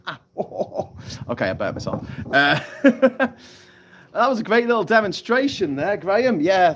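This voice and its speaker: A man's voice: medium pitch, slight background noise. A man hosting a live stream from outdoors, rambling, swearing and laughing as he reads out viewer comments. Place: hammock on an island lagoon, outdoors.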